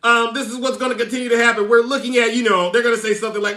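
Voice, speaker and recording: A man with a high, bright voice hosts a live stream and reads the news with showy, teasing flair. He laughs often and calls out to his viewers by name. His voice rings in an echoey room. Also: fast talker, few pauses. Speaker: livestream host. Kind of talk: live commentary reading news.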